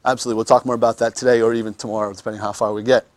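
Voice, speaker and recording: A man's voice: fairly low pitch, little pitch movement, racing, no room sound. A man teaching anatomy in a classroom lecture, joking with students and often repeating words as he restarts.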